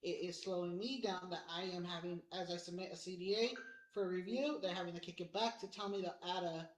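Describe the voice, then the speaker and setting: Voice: medium pitch, steady tone, fairly quick. A staff member explaining office paperwork at a meeting in a run-on, step-by-step way. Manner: explanatory, run-on, talks through the process. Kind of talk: casual office meeting talk. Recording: echoey meeting room.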